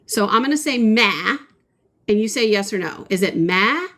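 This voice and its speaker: A woman's voice: mid-range voice, expressive, normal speed, a bit bright. A woman hosting a painting livestream, chatting casually and playfully with her viewers, often giggling.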